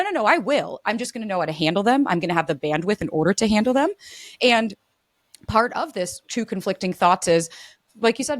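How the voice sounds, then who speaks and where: A woman's voice: mid-range voice, fairly bright tone, no room sound. Woman coach, dry close sound. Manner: fluent, uses "like" often, acts out example dialogue. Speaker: relationship coach, guest. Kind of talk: casual interview chat.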